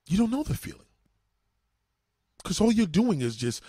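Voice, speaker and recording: A middle-aged man holds forth on his show in a crude, profane monologue, circling back over the same lines. His voice is husky and swings widely in pitch. The recording is close and dry. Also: a little fast, long pauses, no echo. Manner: animated, profane, repeats himself. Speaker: show host.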